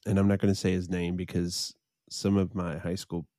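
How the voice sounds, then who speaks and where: A middle-aged man co-hosting a podcast, telling stories in a relaxed, chatty way. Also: low voice, moderate pace, no room sound, studio quality. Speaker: podcast co-host. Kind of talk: casual storytelling chat.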